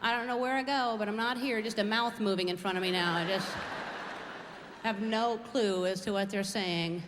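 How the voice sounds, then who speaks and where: A woman's voice: mid-range voice, normal speed. A middle-aged woman performing a stand-up comedy routine, rambling and poking fun at herself as she tells everyday stories on a theater stage. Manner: rambling, self-mocking, observational. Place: large theater stage before a live audience. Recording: reverberant hall, crowd and background noise.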